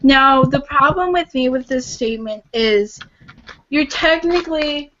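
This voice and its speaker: A woman with a fairly high voice hosts a casual livestream, speaking earnestly and haltingly, often sighing and restarting her sentences. The audio is dull and lo-fi, like a cheap home stream. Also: fairly bright tone, a little hiss or hum. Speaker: livestream host.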